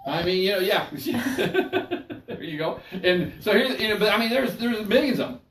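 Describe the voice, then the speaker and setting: This is an older man preaching a chatty Bible study sermon as pastor, folksy in tone and often checking in with listeners. He talks at a moderate pace in a fairly high voice that moves in animated swings. He's heard far off, with the room echoing.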